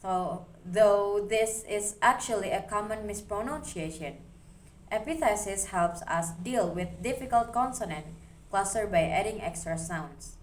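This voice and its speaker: A woman reading a phonology class presentation aloud, slowly working through examples one at a time. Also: mid-range voice, slight background noise. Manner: slow, careful, reads examples one by one. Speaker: student presenter.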